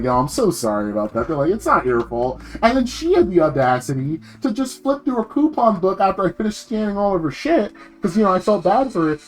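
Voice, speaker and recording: A young man streaming, telling a long, profane story about his work in casual slang and acting out what other people said. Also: high voice. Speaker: VTuber streamer.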